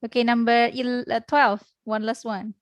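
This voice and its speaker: Indonesian-accented woman teacher, higher voice, dry close computer mic, patient and halting online lecture. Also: flat delivery, no echo. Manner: patient, explains word by word with many pauses. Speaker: English teacher.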